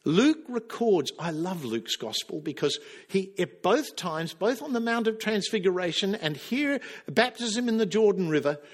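A man preaching a sermon with passion, acting out the quoted speakers' lines and dropping to a hush for emphasis. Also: sits high, big pitch swings, moderate pace. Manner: impassioned, acts out quoted lines.

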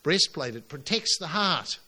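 A man preaching a sermon to his congregation, emphatic and animated, pushing his voice up on key lines. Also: fairly high pitch, a little slow. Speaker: pastor.

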